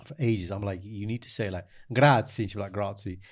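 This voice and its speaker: A British man talking quickly in a relaxed podcast chat. He is playful and animated, and he keeps switching into other languages and doing little voices. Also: on the low side. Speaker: podcast co-host.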